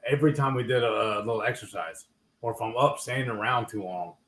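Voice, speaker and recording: A man's voice: medium pitch, fast, fairly bright tone. Man, casual livestream chat, rambling, trails off, echoey room. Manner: rambling, self-correcting, trails off. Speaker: livestream host.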